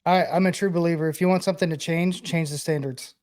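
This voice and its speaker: A man's voice: on the high side, fairly even intonation, quick pace, darkish tone. A man co-hosting a sports podcast, a former player turned broadcaster who talks in a loose, rambling way full of "like". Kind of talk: casual sports podcast chat.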